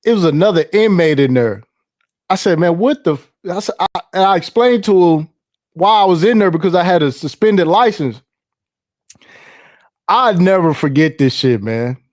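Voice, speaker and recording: Hosting a livestream, this middle-aged man has a high, animated voice and keeps a moderate pace. He swears freely while reading chat and spinning stories, often laughing and saying things more than once.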